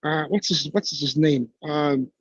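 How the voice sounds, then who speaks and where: A man calling into a live debate, emphatic and repeating his points, sometimes halting over words. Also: a little high, fairly even intonation, husky, no room sound, muffled recording.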